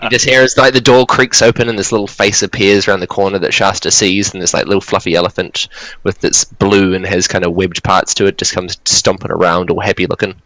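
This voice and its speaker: A man narrating a tabletop fantasy game as dungeon master, relaxed and rambling with fillers. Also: sits low, brisk, hardly any pauses, no echo, rough recording.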